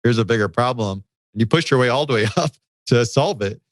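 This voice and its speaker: A man hosting a podcast, asking questions in a halting way with restarts. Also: mid-range voice, no room sound. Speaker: podcast host. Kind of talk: interview questions.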